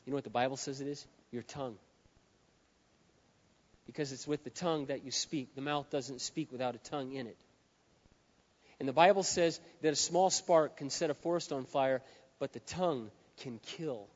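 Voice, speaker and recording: A male pastor delivering a sermon to a live audience in a large hall. He drops to hushed lines, then builds to shouts. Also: mid-range voice, normal speed, long pauses. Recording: dull, reverberant hall sound.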